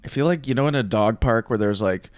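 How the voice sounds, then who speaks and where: A young adult man from Philadelphia hosting a relaxed conversation. His voice is clean and even and sounds close and dry. He thinks out loud and pokes a little fun at himself. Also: mid-range voice, fast talker, no room sound. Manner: reflective, self-deprecating, asks the guest questions. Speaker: podcast host, comedian. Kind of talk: casual chat.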